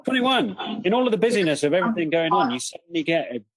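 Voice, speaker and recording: A man's voice: high voice, expressive, fast, no echo. A man narrating an improvised tabletop game as game master, with vivid, joking descriptions.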